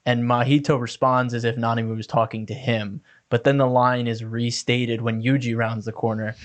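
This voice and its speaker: A man's voice: mid-range voice, level tone, normal speed. A man co-hosting a podcast, chatting casually and enthusiastically about an anime episode, with many "like" fillers. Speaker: podcast co-host.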